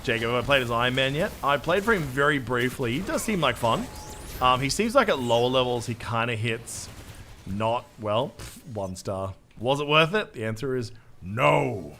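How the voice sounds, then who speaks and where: A man's voice: medium pitch, expressive, normal speed, pushed and bright, a little hiss or hum. An Australian man streaming a game, chatting casually with his viewers in a jokey, self-mocking way and swearing freely. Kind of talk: live gameplay commentary, reading chat.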